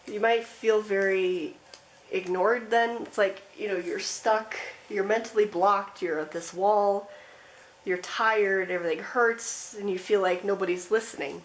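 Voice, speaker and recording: Woman tarot reader, soft rambling delivery, everyday mid pitch, casual and unscripted. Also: steady tone, unhurried, rough recording. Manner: rambling, gentle, with frequent fillers and soft laughs. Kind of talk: pick-a-card tarot reading.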